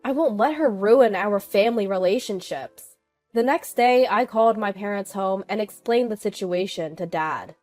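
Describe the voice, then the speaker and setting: Steady story narration from a woman, middle pitch, soft music under. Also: moderate pace.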